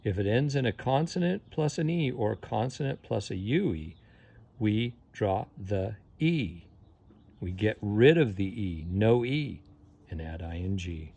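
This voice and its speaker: A man's voice: fairly low pitch, expressive, takes it slowly, gravelly, a little mellow, breathy edge. A man teaching English grammar, patiently spelling words out letter by letter and repeating each rule. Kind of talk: slow spelling-out lesson.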